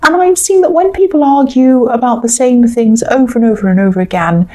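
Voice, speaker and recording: Female tarot reader, mellow timbre, conversational, loose and rambling with bits of acted-out dialogue. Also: on the high side, a little fast, poor audio. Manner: chatty, rambling, acts out imagined dialogue. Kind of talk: casual tarot reading monologue.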